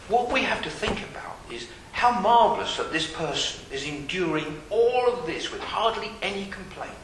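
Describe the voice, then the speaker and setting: A man preaching a sermon, asking his listeners pointed questions and dropping from loud to hushed. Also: on the high side. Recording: very echoey hall with faint hiss.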